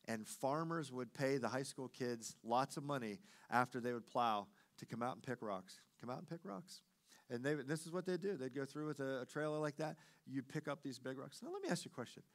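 A pastor in middle age, medium-pitched, preaches with lively storytelling, his delivery swinging from loud passages to hushed ones.

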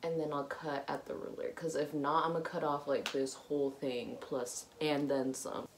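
Young woman vlogging in her bedroom, kinda low voice, nervous giggly, lots of gasps and oh my goshes. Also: little pitch movement, moderate pace, slight background noise. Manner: nervous, giggly, gasping exclamations. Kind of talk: casual vlog chat. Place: bedroom at home.

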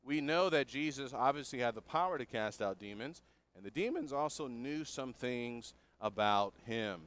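A man's voice: medium pitch, animated, moderate pace, a bit bright. A man preaching a sermon, working through a passage verse by verse in an earnest, explanatory way and putting questions to his listeners.

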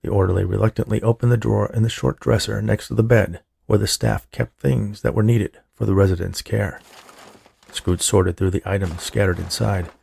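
A man narrating a horror story in a steady, measured way. His voice sits low, with heavy gravel and a husky edge. The sound is dry and close. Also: no room sound. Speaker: audiobook narrator.

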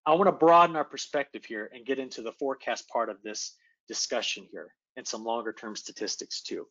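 A man, an atmospheric scientist, giving an animated forecast presentation in a virtual meeting, often checking in with his audience. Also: mid-range voice, highs cut off. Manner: animated, engaging, addresses audience with quick checks. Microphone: video call.

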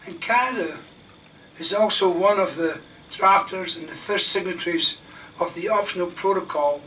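An older Scottish man, a defence lawyer, gives an impassioned public lecture at a moderate pace, his pitch raised. His delivery is rhetorical and indignant, swinging between loud emphasis and near-whispers. The tape was made from the back of the lecture hall on a distant mic, with faint room noise.

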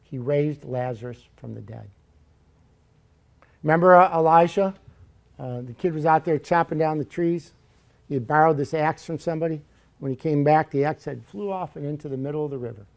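A man delivers a sermon in a church, his voice sitting a little higher than most men's. He tells Bible stories in a lively, joking way and acts out the characters as he goes. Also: moderate pace, vocal fry. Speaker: preacher.

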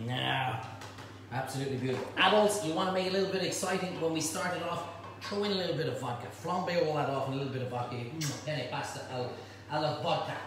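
A man's voice: on the high side, quick pace, fairly bright tone, very echoey, far from the mic, slight background noise, poor audio. A man hosting a casual cooking demonstration, chatty and jokey as he cooks and talks to his helpers in a home kitchen. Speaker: cooking show host.

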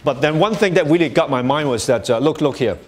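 He's a fast talker with a fairly high, expressive voice, and faint music runs behind him. Presenting to a workshop audience, he keeps it casual, restarting lines and saying "you know" repeatedly, with frequent chuckles.

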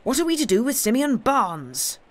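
An outspoken village cobbler insists on his view, bluntly and without patience. A woman puts him on while reading a story aloud. He sounds forceful and sure. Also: lowish voice, normal speed, close to an everyday voice. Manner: obstinate, blunt.

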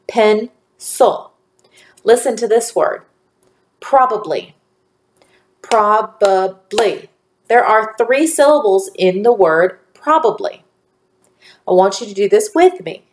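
A woman teacher giving a phonics lesson to young children, speaking slowly and clearly with encouraging praise. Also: medium pitch, a little mellow. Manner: slow, clearly enunciated, encouraging.

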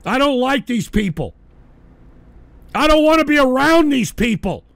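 High-pitched creaky man ranting angrily. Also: sing-song, normal speed, no echo. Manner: bitter, profane, swinging between shouting and low muttering. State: drinking, weary. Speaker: livestream host. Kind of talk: angry livestream rant.

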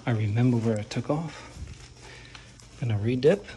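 Indoors at a door he's painting, a man gives a hands-on painting demonstration, talking as he works. His voice is medium-pitched and warm at a moderate pace, with slight background noise, and he often whispers and jokes to the viewers.

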